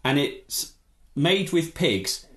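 A man's voice: fairly high pitch, very slow. A man talking as a podcast guest, ranting in a casual chat. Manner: animated, exasperated rants.

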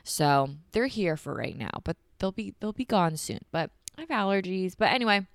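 A woman's voice: mid-range voice, expressive, moderate pace, no echo, studio quality. A young woman hosting a casual solo podcast, chatty and bubbly, saying "like" a lot and a little congested from allergies. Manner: bubbly, chatty, heavy use of "like". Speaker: podcast host.

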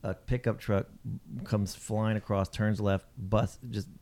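A man's voice: fairly low pitch, takes it slowly. A man co-hosting a podcast, telling a story in casual chat, acting out the people in it and laughing as he goes. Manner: animated storyteller, acts out voices, laughs while telling. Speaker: podcast co-host.

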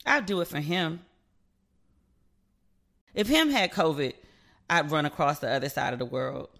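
A woman's voice: low-pitched, measured pace, vocal fry, fairly bright tone. A woman hosting her own podcast as a relationship expert, chatting candidly, gossiping and swearing freely. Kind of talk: solo gossip podcast chat.

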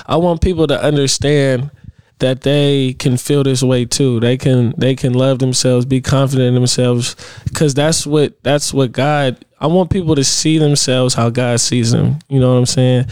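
A man, a musician guest on a podcast, talking earnestly about his goals in halting casual speech. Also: medium pitch, steady tone, a little mellow, smooth, no echo. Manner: earnest, halting, repeats "you know what I'm saying". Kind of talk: casual interview chat.

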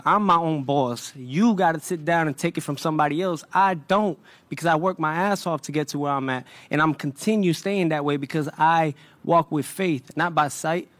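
A young man with a fairly high voice holds the floor at a boxing press conference. He is brash and swaggering, full of streetwise trash talk. The sound is close and dry. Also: dry recording.

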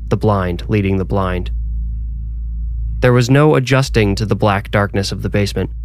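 A man reading a scripted horror story in a measured, suspenseful way. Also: on the low side. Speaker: narrator and author.

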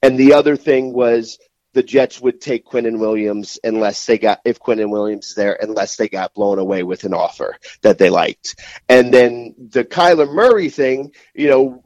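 A man, a reporter joining a podcast as a guest, talking in a lively, laughing way. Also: mid-range voice, normal speed, no room sound, lo-fi sound. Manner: lively, laughing, acts out quoted reactions. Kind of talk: casual podcast chat.

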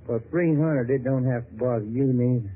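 The character is Dixie, a folksy Southern go-between who wheedles and sweet-talks, performed by an actor in a 1950s radio drama. His medium-pitched voice moves at normal speed with light acting, over a tinny, lo-fi vintage broadcast.

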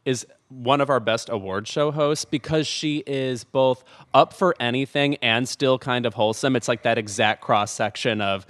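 A man's voice: mid-range voice, moderate pace, hardly any pauses, fairly bright tone, no echo. A man co-hosting a casual podcast chat, wry and opinionated, with dry humor. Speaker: podcast co-host.

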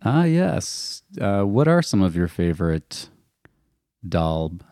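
A man's voice: low-pitched, big pitch swings, takes it slowly, mellow, no echo. A man co-hosting a podcast, casual chat with dry, teasing humor. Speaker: podcast co-host.

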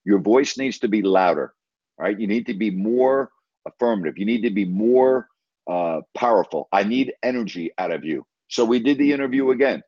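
A man's voice: on the low side, lively intonation, moderate pace, slightly rough, no room sound. A man and former team broadcaster telling a story in a casual interview, talking emphatically and retelling conversations line by line. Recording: dry, slightly dull audio.

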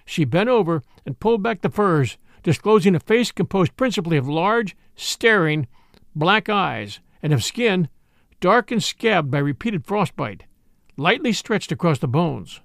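A man reads an adventure tale aloud, his voice high for a man and gravelly at the edges. He moves his pitch around a lot. The sound is close and dry. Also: big pitch swings, unhurried, fairly bright tone, no room sound. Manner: dramatic audiobook reading, voicing each character. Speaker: host and storyteller. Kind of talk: scripted narration.

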